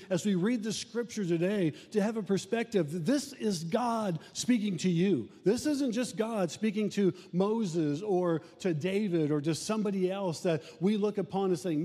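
A man's voice: high voice, dark tone. A male pastor preaching a sermon in an emphatic, repetitive preaching cadence. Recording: reverberant room sound.

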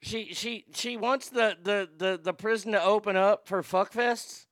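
A man's voice: high-pitched, steady tone, measured pace, fairly bright tone, dry recording, clean studio sound. A male radio host giving blunt, vulgar, mocking comedic commentary.

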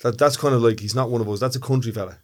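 A man's voice: medium pitch, very fast. A man co-hosting a podcast in casual chat, curious, asking questions and joking. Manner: curious, asks questions, jokes. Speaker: podcast co-host.

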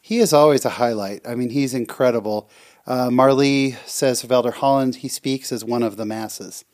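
A man's voice: mid-range voice, normal speed. A man co-hosting a podcast, chatting casually and reading out listener comments with effusive, heartfelt reactions. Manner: warm, effusive, reads comments aloud. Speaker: podcast co-host.

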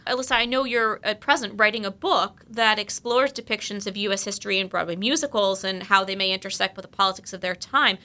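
A woman's voice: mid-range voice, quick pace, few pauses, pushed and bright. A woman hosting a panel, reading out a careful, prepared question to a guest. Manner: reads a careful, formal question. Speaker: host posing questions.

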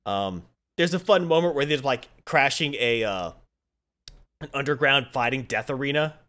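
Animated man rambling through a story. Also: medium pitch, normal speed. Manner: rambling, lots of "like" fillers. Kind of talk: casual chat recapping a comic.

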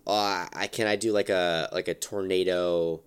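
A man's voice: low voice, fairly even intonation, moderate pace, clean tone. A man playing a tabletop game in casual talk, joking and unsure of the rules. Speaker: player.

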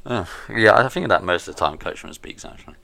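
A man co-hosting a podcast, giving blunt, animated opinions in casual chat. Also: low-pitched, quick pace, creaky. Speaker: podcast co-host.

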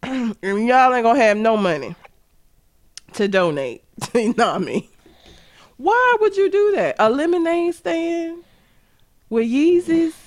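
A woman's voice: sits high, big pitch swings, slow pace, long pauses. A young adult woman co-hosting a casual comedy podcast, blunt and profane, laughing often as she rants. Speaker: podcast co-host.

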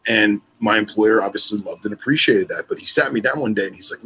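A man speaking as a guest on a casual podcast, relaxed and peppering his speech with "you know". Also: fairly low pitch, fast talker, few pauses, slight background noise, poor audio.

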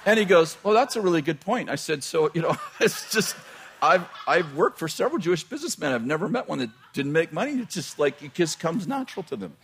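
A man's voice: a little high, very animated, fairly quick, fairly bright tone, slight background noise. A middle-aged man, a pastor, telling a personal story in a sermon, chatty and laughing at his own jokes, often breaking off mid-sentence.

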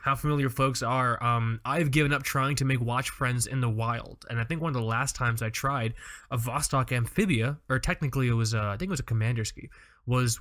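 A man co-hosts a casual podcast, wired from drinking coffee late in the day. He tells animated stories and swears freely as he goes. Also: mid-range voice. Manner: animated, profane storytelling. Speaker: podcast co-host. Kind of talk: casual chat.

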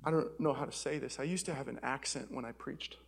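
A man's voice: medium pitch, brisk, creaky, husky. A man from Seattle, a pastor, preaching a sermon in a candid, conversational storytelling way from a church stage.

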